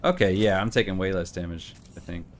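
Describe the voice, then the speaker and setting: A brisk, low-sitting male voice belongs to a middle-aged gaming channel host who chats casually during play, rambling through stories with quoted voices. There is a little hiss or hum.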